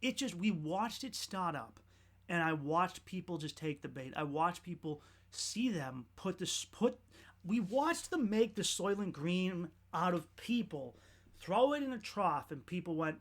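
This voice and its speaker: Man, podcast host, slightly high voice, profane rambling rant. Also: sing-song, unhurried. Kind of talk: casual profane monologue.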